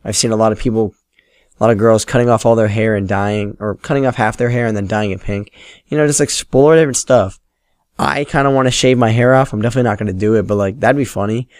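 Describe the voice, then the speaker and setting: A teenage guy talks alone into his podcast mic in a fairly low voice, the sound dry and close. He rambles through his stories and mocks himself, swearing freely along the way. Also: steady tone, fast, darkish tone, no echo. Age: late teens. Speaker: podcast host. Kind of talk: casual solo podcast storytelling.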